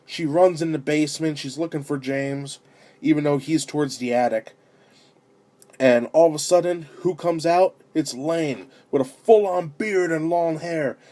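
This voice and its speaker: A man giving a casual spoken film review, animated as he retells the story, with fillers and restarts. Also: on the high side, measured pace. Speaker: amateur movie reviewer.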